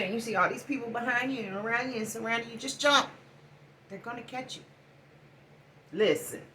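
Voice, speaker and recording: A middle-aged woman giving a casual spiritual oracle card reading, talking in a preachy way and swinging between loud bursts and hushed asides. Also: medium pitch, a little hiss or hum.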